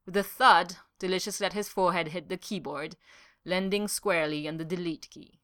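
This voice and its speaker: Female story reader, lowish voice, bright and forceful, expressive delivery. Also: brisk, no echo, clean studio sound. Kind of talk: story read aloud.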